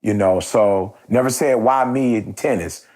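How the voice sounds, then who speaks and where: Speaking a little slowly, he has a voice on the low side with a darkish tone. The podcast host, a motivational speaker, tells a story conversationally, slangy and full of repeated phrases and restarts, before steering it toward motivation.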